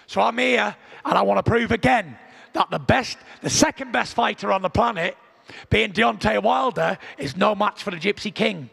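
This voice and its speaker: A man's voice: high voice, vocal fry, a bit bright, husky, in a large hall. A man from Britain, a boxer boasting and taunting at a press conference. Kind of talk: press conference trash talk.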